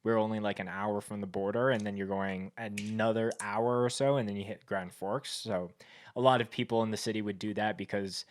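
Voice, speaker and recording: A man's voice: fairly low pitch, fairly even intonation, brisk, a little hiss or hum. A man from Canada hosting a podcast, telling stories in a loose, rambling way full of "like" and "um". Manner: rambling, filler-heavy storytelling with frequent laughs. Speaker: podcast host. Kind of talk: casual chat.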